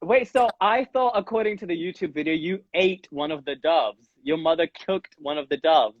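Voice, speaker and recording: A man hosting a casual interview, asking teasing questions in a playful, excitable way. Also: fairly high pitch, moderate pace, dry recording, lo-fi sound. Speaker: podcast host.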